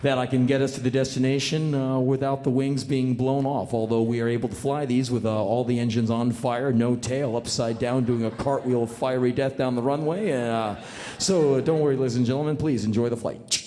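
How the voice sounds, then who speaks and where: A man's voice: medium pitch, brisk, a little hiss or hum, voice pushed down, lightly acted. A man voicing a laid-back male military cargo pilot who drawls his announcement with lots of "uh"s. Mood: calm drawl. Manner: hesitant drawl full of "uh"s, calm announcer tone. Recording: long hall reverb, live stage.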